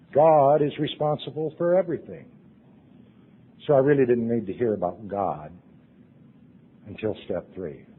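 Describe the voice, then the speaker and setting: Man, middle-aged, husky, earnest testimony, loud then hushed, tinny old tape recording. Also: lowish voice. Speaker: recovery meeting speaker. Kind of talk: personal testimony talk to a convention audience.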